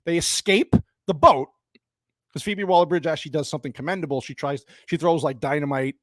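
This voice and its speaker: A man's voice: a little high, fairly quick, fairly bright tone, dry recording, clean studio sound. A man giving a profane, exasperated movie review in a ranting style.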